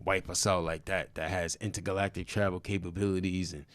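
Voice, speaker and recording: Animated, insistent man with a dry close sound. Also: deep voice, a little fast, dry recording. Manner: animated, insistent, profane street slang. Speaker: podcast co-host. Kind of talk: casual chat.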